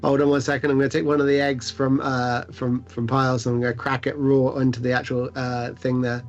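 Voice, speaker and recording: A man's voice: medium pitch, little pitch movement, a little fast, soft background music. A man playing a tabletop game, describing his actions in a rambling, jokey way. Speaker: player. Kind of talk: tabletop game play, casual chat. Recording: muffled lo-fi stream audio.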